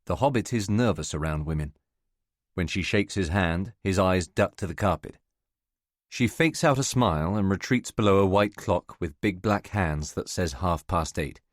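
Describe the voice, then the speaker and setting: A man giving measured, scripted first-person narration of a novel for an audiobook. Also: low-pitched, no echo, studio quality.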